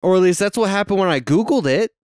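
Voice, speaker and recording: A young man co-hosting a casual movie podcast, excitable and quick to swear and laugh. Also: high voice, clean tone, dry recording, studio quality. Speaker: podcast co-host. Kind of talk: casual movie-watching chat.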